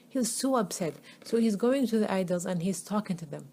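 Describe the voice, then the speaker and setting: A woman's voice: mid-range voice, expressive, brisk, few pauses, warm tone. A woman telling a religious story in a conversational way, often checking in with "okay?" and repeating words for emphasis.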